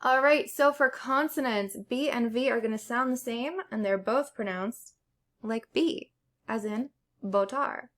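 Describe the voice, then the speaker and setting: Slow-talking woman teaching Spanish sounds. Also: on the high side. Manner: explains step by step with examples. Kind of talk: casual pronunciation lesson.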